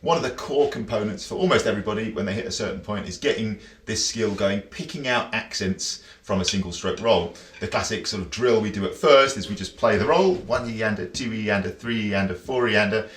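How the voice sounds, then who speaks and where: A chatty man gives a drum lesson from a room that rings with a roomy echo. His voice sits low, and he counts beats and scats rhythms as he explains. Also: brisk, a bit bright. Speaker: drum teacher. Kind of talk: casual instructional talk.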